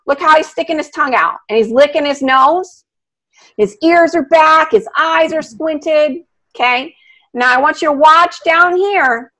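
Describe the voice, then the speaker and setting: Bright, high-voiced woman dog trainer. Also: poor audio. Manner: animated, talks through a video, asks the class questions. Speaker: dog trainer teaching an online class. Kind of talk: live online lesson talking over video. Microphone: video call.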